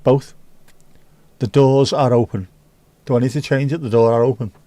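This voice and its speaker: A man's voice: mid-range voice, steady tone, normal speed, dark tone, no echo. A middle-aged man, hosting a livestream and rambling casually while reading out viewer comments. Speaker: livestream host. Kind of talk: casual chat.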